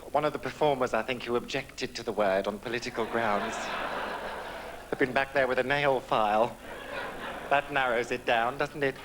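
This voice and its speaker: A man's voice: mid-range voice, background noise. A man hosting a comedy evening on a theatre stage, with wry banter toward the audience. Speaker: host of the evening.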